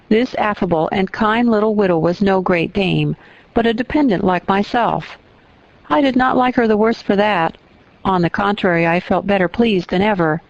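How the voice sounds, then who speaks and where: A woman narrates a classic novel at an even, measured pace. Her voice sits in the middle of the range, recorded dry and close with a slightly muffled sound. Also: medium pitch, dry recording. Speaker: audiobook narrator. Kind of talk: scripted narration.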